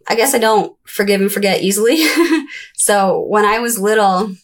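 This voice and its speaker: A young adult woman recounting her childhood in a conversational interview, breaking into high, childlike voices when she quotes people. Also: moderate pace. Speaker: interview guest. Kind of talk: candid personal storytelling.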